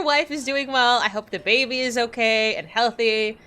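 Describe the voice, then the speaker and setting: A woman's voice: a little high, moderate pace, few pauses, pushed and bright, smooth. A woman in her forties chatting casually with her viewers while streaming a game, rambling and gushing with frequent laughter. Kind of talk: casual livestream chat while gaming.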